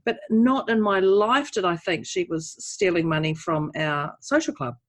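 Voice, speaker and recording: A woman's voice: fairly low pitch, moderate pace. Chatty woman telling a story. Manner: chatty storyteller, self-deprecating, laughs often. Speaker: podcast co-host. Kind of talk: casual conversation.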